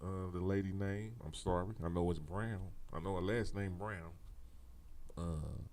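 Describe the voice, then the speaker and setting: Speaking in a low, steady, somewhat dark voice at a measured pace, this male show host delivers political commentary straight to viewers. His manner is heated and sermonizing, full of repetition, casual profanity and frequent false starts.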